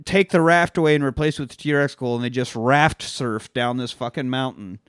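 A man co-hosting a podcast, recapping a movie in casual, profane chat and acting out the characters' lines in quick put-on voices. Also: medium pitch, fairly bright tone, clear, resonant tone, no echo, clean studio sound. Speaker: podcast co-host.

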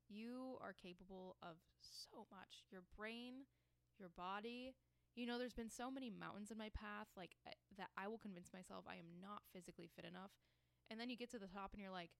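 A woman's voice: mid-range voice, smooth, no room sound. A young woman hosting her own podcast, talking in an earnest, encouraging way and often restarting her sentences. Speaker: podcast host. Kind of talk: casual solo podcast monologue.

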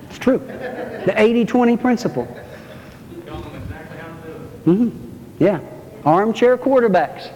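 A man's voice: high-pitched, expressive, takes it slowly, pauses often, dark tone, a little hiss or hum. A male pastor preaching a sermon in church, folksy and joking, calling out to his congregation. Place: church sanctuary. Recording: muffled, reverberant church recording.

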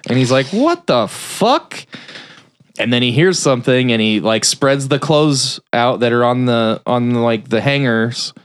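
A man's voice: mid-range voice, steady tone, normal speed, few pauses, clean tone, no echo. A man casually retelling a film's plot on a review podcast, rambling and swearing with many fillers. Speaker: film review podcast host. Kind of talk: casual chat.

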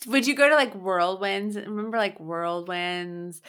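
A woman's voice: mid-range voice, measured pace, fairly bright tone. A woman co-hosting a podcast, from Long Island, telling casual stories with laughs and swearing. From Long Island, New York. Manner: laughing, profane storytelling. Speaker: podcast co-host. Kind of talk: casual chat.

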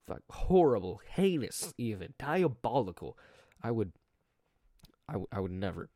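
A teenage boy with a rough, strained throat, chatting casually on his own in a rambling, joking way, full of restarts and self-corrections. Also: fairly low pitch, sing-song, a little slow, dark tone, dry recording, clean studio sound. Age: teens. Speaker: podcast diarist. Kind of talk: casual solo vlog chat.

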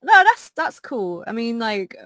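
A woman with a South East London accent, a streamer chatting as a podcast guest, self-deprecating and quick to laugh. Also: fairly high pitch, big pitch swings, fairly bright tone, no room sound. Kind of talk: casual podcast chat.

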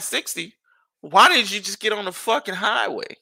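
A man delivers a casual podcast rant, his voice gravelly with a bright, forceful edge. His pitch swings widely as he fires off exasperated rhetorical questions, and he curses freely. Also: normal speed. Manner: animated, exasperated ranting with profanity and rhetorical questions. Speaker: podcast host. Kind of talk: casual ranting monologue.

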